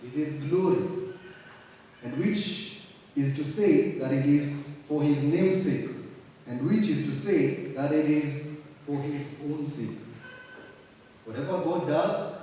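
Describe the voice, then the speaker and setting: Slow emphatic preacher in an echoey hall. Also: male voice, on the high side, dark tone, a little hiss or hum. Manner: slow, emphatic, repeats phrases for weight. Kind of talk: sermon. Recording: distant mic in an echoey hall.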